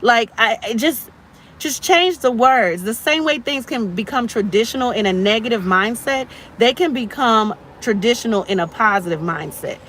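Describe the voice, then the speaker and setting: A woman's voice: fairly high pitch, animated, moderate pace, fairly bright tone, slight background noise. A woman in her thirties hosting a motivational live stream, preachy and encouraging, repeating phrases for emphasis.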